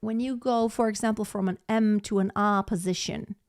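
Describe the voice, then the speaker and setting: A woman's voice: medium pitch, steady tone, normal speed, a little mellow, no echo, clean studio sound. A woman voice teacher giving a live singing lesson, explaining technique and breaking into short sung demonstrations.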